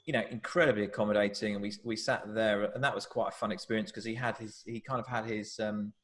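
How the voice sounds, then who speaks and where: A man's voice: fairly low pitch, fast talker. A man who directs and produces films, telling behind-the-scenes stories animatedly in a live Q&A, acting out quotes and often restarting sentences. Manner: animated storyteller, acts out quotes, frequent restarts. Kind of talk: live Q&A conversation.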